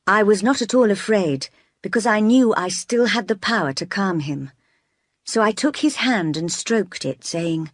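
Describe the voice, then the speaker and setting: A woman narrating a story in the first person as an audiobook, in a measured, gentle and earnest way. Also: lowish voice, no room sound, clean studio sound.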